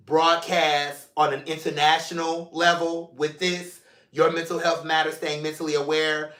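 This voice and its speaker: A man's voice: a little high, fairly bright tone. A man hosting his own mental health show, talking casually and playfully to his viewers from his chair at home. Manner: chatty, playful, affectionate toward viewers. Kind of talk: casual solo vlog talk. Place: seated in a room at home. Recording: roomy, echoey room.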